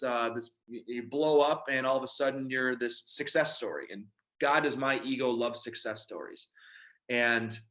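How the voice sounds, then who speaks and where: A man's voice: mid-range voice, pushed and bright. A man from Michigan giving a personal testimony talk about his recovery, telling the story and acting out the dialogue. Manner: storytelling, acts out quoted dialogue. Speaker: recovery speaker.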